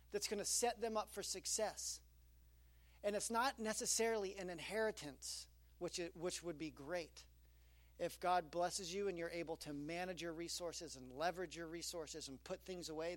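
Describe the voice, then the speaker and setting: Animated high-voiced male pastor preaching. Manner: animated storytelling with quoted asides. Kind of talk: sermon.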